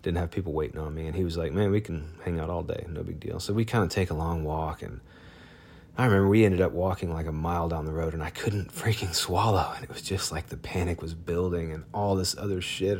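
Man, very low and gravelly voice, halting casual storytelling with frequent fillers. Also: darkish tone. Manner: halting, many fillers and restarts. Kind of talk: personal story told casually.

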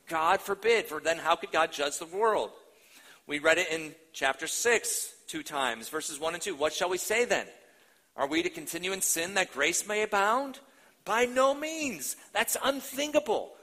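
Emphatic, bright-voiced male preacher. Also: a little high, poor audio. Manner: emphatic, repeats phrases for weight; addresses the congregation as beloved. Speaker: pastor. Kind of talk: sermon.

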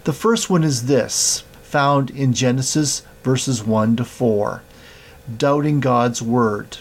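Guy preaching a morning sermon, gravelly and kinda husky, reads scripture slow and steady. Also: medium pitch. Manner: measured preaching with scripture reading. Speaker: pastor.

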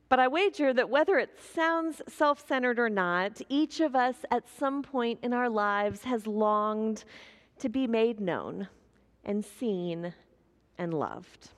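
Slow, gentle woman preaching a sermon. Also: fairly high pitch, animated, big-room sound.

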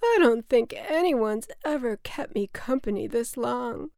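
A woman's voice: a little high, animated, no echo, clean studio sound. Woman putting on a sad lonely rain cloud. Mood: wondering. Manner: slow, mournful, often breathy and hushed. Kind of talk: children's storybook reading.

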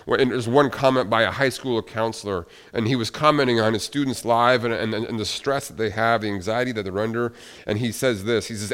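Earnest young pastor preaching. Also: male voice, lowish voice, brisk. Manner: earnest, repeats phrases, often drops to a quiet voice. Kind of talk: sermon.

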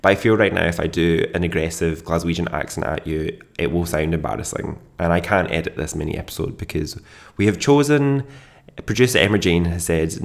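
A man's voice: low voice, vocal fry. A man hosting a solo podcast in casual chat, chatty and self-deprecating, laughing often. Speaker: podcast host.

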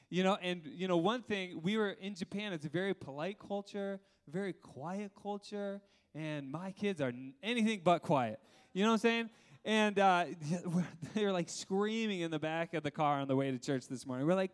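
A man in his thirties, a pastor, preaches with a voice that runs unusually high for a man. His sermon stays lively as he laughs here and there and keeps asking the congregation questions. He speaks at a normal speed with a clean tone.

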